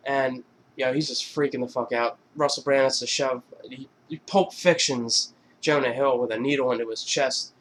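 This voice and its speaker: A man's voice: medium pitch, fairly even intonation, moderate pace, fairly bright tone, slight background noise. A young man recapping funny movie scenes in a casual, rambling, profane vlog style. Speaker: vlogger.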